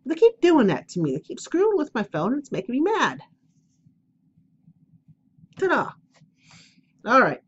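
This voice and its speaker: A woman's voice: high-pitched, wildly swooping pitch, unhurried, long pauses, slightly rough, lo-fi sound. A woman chatting casually at home for her vlog, rambling and self-deprecating as she tells stories before an oracle card reading. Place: at home, indoors.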